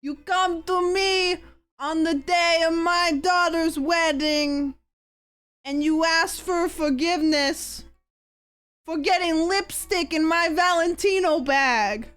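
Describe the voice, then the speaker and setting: A woman voicing a haughty, wealthy mob matriarch with a mock Greek accent, talking slowly and scoldingly. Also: extremely high pitch, a bit bright, pitched above the performer's own voice, full character voice. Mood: scornful. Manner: slow, grand and scolding. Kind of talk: comic impression on a livestream.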